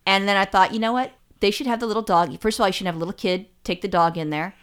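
A woman's voice: medium pitch, fast, clean tone. A woman co-hosting a casual chat, telling blunt, profane stories with lots of restarts. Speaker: podcast co-host.

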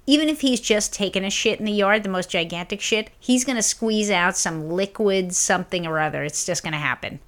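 A woman co-hosts a podcast and chimes in during casual chat with dry, teasing remarks. Her voice sits at an ordinary pitch for a woman. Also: brisk, few pauses, fairly bright tone. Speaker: podcast co-host.

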